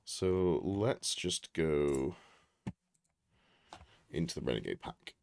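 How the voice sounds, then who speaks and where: A man's voice: extremely low pitch, expressive, slow, creaky, darkish tone. A man reviewing a tabletop army list on a live stream, thinking aloud, correcting himself and chatting to viewers. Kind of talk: casual live-stream commentary.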